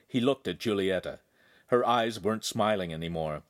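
In clean studio audio with no room sound, a man with a lowish voice narrates a young adult novel at normal speed. As the audiobook narrator, he gives the scripted text an expressive, storytelling delivery.

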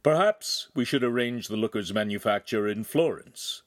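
A man's voice: lowish voice, lively intonation, normal speed, no room sound, clean studio sound, natural voice. A man voicing a proud, irritable male city ruler, commanding and mocking in manner.

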